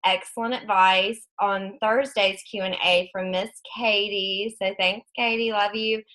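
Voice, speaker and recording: A woman with a Southern US accent asking a question on a conference call, chatty and animated. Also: mid-range voice, a little slow, low-quality recording. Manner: chatty, animated, self-deprecating. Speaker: caller.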